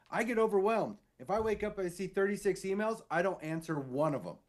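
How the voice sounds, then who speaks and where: A married man co-hosting a casual podcast, telling a rambling story full of swearing and quick impressions of other people. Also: high voice. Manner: rambling, animated, swears freely; mimics others with shifted voices in stories. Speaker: podcast co-host.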